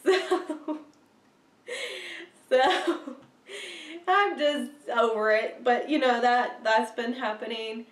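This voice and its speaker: A young woman talks through a casual vlog update, slow and unhurried, laughing often between filler words. Her voice is stuffy from a cold, and she sits a bit back from the mic in a roomy, echoey space. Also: a little high, recorded from a distance. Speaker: vlogger.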